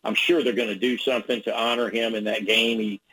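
Husky male sports reporter on radio, meandering anecdotes. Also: fairly low pitch, level tone, brisk, pushed and bright, rough recording. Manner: rambling storyteller with restarts. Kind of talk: radio interview guest.

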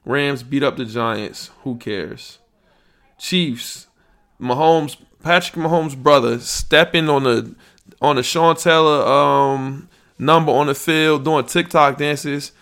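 A man's voice: mid-range voice, slow, fairly bright tone. A man hosting a podcast, giving a casual sports recap with blunt, slangy trash talk, reacting to a live chat. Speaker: podcast host.

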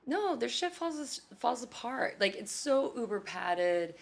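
Animated, foul-mouthed woman co-host. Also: fairly high pitch, a little slow, creaky. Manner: animated, swears freely, jumps into funny voices. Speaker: podcast co-host. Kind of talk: casual chat.

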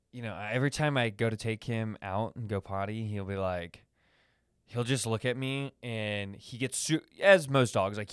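A man's voice: fairly low pitch, smooth, no echo, studio quality. A man hosting a casual solo podcast, rambling through anecdotes with lots of fillers. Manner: rambling, many fillers, acts out funny voices in anecdotes. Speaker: podcast host.

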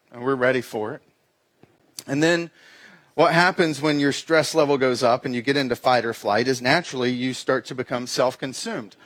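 A man's voice: on the high side, fairly bright tone. A middle-aged man preaching a sermon as a pastor, in a conversational, self-deprecating storytelling way with acted-out asides.

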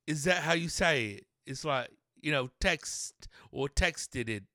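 A man's voice: on the high side, expressive, unhurried, bright, forceful tone, dry recording, clean studio sound. A man hosting a podcast who puts on a fake British accent and rants angrily in slang, swearing a lot. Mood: irritated rant. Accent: put-on British. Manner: angry, rambling rant. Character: man in a mock British persona, irritable and ranting. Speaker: podcast host. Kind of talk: solo podcast monologue.

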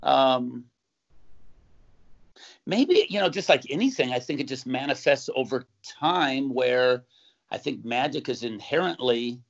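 A man, a magician guest in a casual interview, telling stories and acting out accusing voices with sudden loud jumps. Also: mid-range voice, animated, unhurried, gravelly, long pauses. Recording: dull, muffled sound.

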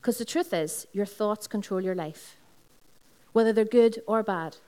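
Northern Irish woman, lead pastor, mid-pitched, preaching a Sunday sermon in a school hall, story-driven and repetitive. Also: unhurried, warm tone, smooth. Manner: personal storytelling with repeated phrases, talks to the congregation.

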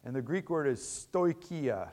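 A man's voice: on the high side, animated, a little slow, darkish tone. A middle-aged man preaching a sermon in a conversational teaching manner, often restarting phrases and checking in with tag questions. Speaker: pastor.

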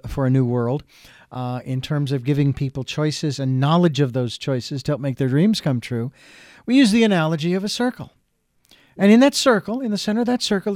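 A man's voice: a little high, a little mellow, no room sound, clean studio sound. A man hosting a talk show, speaking in a folksy, reflective way with fillers and restarts. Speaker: radio show host. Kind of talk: casual talk show conversation.

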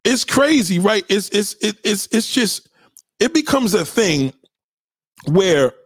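High-pitched New man ranting hard. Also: sing-song, takes it slowly, husky, dry recording, clean studio sound. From New York City. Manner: profane, loud, lecturing, rhetorical questions; swings pitch widely for emphasis. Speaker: commentator. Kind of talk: heated ranting commentary.

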